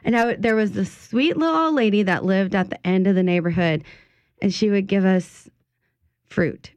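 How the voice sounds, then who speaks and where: A woman's voice: mid-range voice, moderate pace, no room sound. Chatty woman radio host. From Louisiana. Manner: chatty, animated, playful storyteller. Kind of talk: casual radio chat. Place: radio studio.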